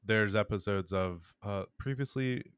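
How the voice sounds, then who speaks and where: Low-voiced man giving blunt opinions. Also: clear, resonant tone, no room sound, clean studio sound. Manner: blunt, wry critic with halting restarts. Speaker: podcast co-host. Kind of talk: casual chat.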